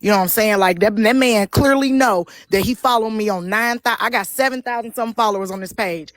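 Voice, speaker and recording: A woman's voice: medium pitch, fast, no room sound. A woman on a casual live stream, brash and scolding, talking in heavy slang.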